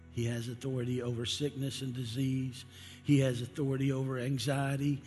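A man preaching an evening sermon, emphatic, slowing down for dramatic quoted lines. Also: medium pitch, a little mellow. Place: church sanctuary. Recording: long hall reverb with faint music.

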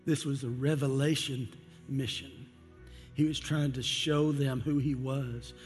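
A man preaching an evening sermon in a church sanctuary, his voice at an ordinary middle pitch. He is emphatic and slows right down when he quotes a line for effect. His voice rings through a hall with a long reverb, and faint music sits underneath. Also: fairly even intonation, darkish tone. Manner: emphatic, with dramatic pauses and slowed quotes.

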